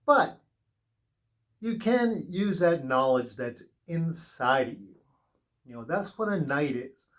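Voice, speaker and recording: A man's voice: on the high side, lively intonation, takes it slowly, long pauses. A man giving a spiritual tarot reading in an earnest, rambling, advice-giving way, drifting into personal stories. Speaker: tarot reader.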